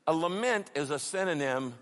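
A middle-aged man preaching a sermon, passionate and emphatic, building to loud peaks. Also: fairly high pitch, lively intonation, normal speed. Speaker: pastor. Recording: long hall reverb.

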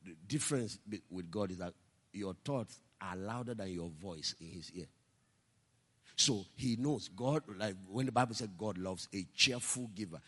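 A man preaching a sermon with a bright, husky voice that rings out in a large hall with long reverb. He tells stories as he goes and rises to impassioned, loud delivery. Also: on the low side, normal speed. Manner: storytelling preacher, rising to impassioned shouting. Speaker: pastor.

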